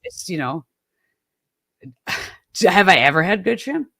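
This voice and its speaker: A woman's voice: fairly low pitch, big pitch swings, takes it slowly, gravelly, fairly bright tone, no room sound, clean studio sound. A middle-aged woman from the American Midwest, chatting casually as a host, rambling and self-deprecating with many restarts. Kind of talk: casual chat.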